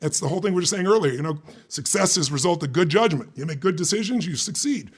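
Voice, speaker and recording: A man from the United States, telling an anecdote in an emphatic, lively way during an interview, acting out the dialogue he quotes. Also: fairly high pitch, fast, slightly rough. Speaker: guest, business speaker. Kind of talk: animated storytelling in conversation.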